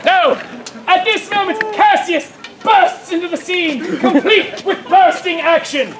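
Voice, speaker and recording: A woman narrating a comic story at a live outdoor show, playful and animated, laughing often as she directs volunteers. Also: very high-pitched, a little slow. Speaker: comedic narrator leading audience volunteers. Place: outdoor fair stage. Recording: loud live crowd and noise outdoors.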